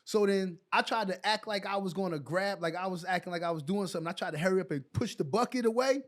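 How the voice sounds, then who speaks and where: A man in his forties from New York, a guest on a podcast, telling animated stories full of "like" and "so". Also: high voice, quick pace. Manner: lively anecdotes packed with "like" and "so". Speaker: guest, former pro basketball player. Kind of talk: animated storytelling in a podcast chat.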